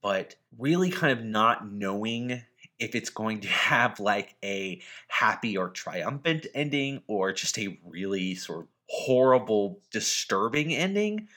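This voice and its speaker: A man with a lowish voice co-hosts a relaxed podcast about films. He talks in a chatty, jokey way and slips easily into animated storytelling. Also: measured pace. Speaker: podcast co-host. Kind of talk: casual chat.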